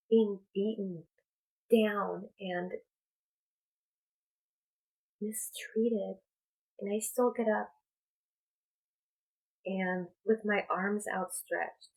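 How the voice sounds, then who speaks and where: Slow, reflective woman vlogger. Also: mid-range voice, steady tone, darkish tone, poor audio. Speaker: spiritual coach and tarot reader. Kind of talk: personal vlog monologue.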